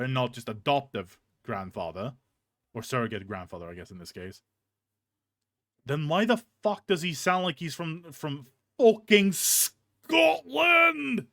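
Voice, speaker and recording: Animated profane young man, lively pitch. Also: dry recording, clean studio sound. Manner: animated, profane, rambling with restarts. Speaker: streamer. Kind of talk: casual ranting chat. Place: hot indoor room with a fan on.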